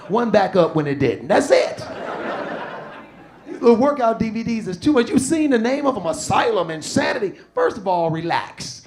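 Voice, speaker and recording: Male stand-up comic with a very high, gravelly voice, slangy and loud, live club mic with crowd noise. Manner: loud, shouting punchlines; casual slang, drawled asides. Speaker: stand-up comedian. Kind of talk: stand-up comedy set. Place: comedy club stage.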